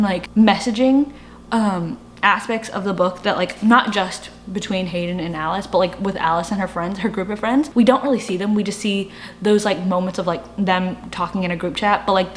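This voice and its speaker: A young woman talks through her reading in a loose, rambling way, often stopping herself to laugh at her own slips. She circles back and restarts her thoughts. A faint hum sits under her voice. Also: mid-range voice. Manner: rambling, self-mocking, lots of fillers and restarts. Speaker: book vlogger. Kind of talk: casual reading vlog chat.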